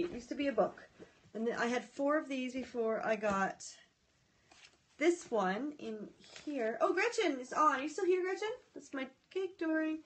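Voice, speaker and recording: High-voiced chatty woman livestreaming. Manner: chatty and scattered, greeting viewers by name; excitable, often breaks off mid-sentence. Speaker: livestream host reading viewer comments. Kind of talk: casual live chat. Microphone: phone or tablet.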